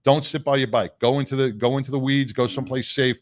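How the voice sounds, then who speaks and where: A man's voice: medium pitch, fairly even intonation, fast talker. A man hosting a casual radio talk show, rambling with lots of fillers and restarts. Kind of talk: casual on-air banter.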